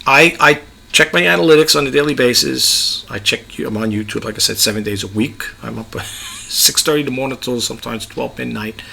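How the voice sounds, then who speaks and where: A man's voice: medium pitch, a little fast, vocal fry, pushed and bright, a little hiss or hum. A middle-aged man with a New York accent, giving chatty, rambling advice as a YouTube creator and often repeating himself. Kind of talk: casual advice monologue.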